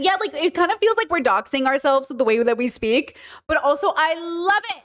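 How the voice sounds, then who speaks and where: A woman's voice: high-pitched, lively intonation, brisk, a bit bright. A woman hosting a livestream, chatting casually and animatedly with her chat, often repeating herself. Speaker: livestream host.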